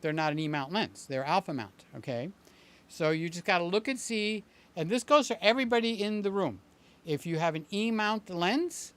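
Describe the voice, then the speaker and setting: Older guy rambling on his live stream, jokey, lots of uhs and side comments. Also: a little high. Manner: rambling and jokey, with many fillers and asides. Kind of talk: casual live-stream chat.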